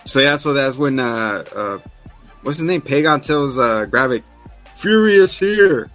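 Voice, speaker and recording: A man hosting a casual podcast recap, laughing often and acting out scenes in quick voices. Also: medium pitch, bright, forceful tone, soft background music. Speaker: podcast host.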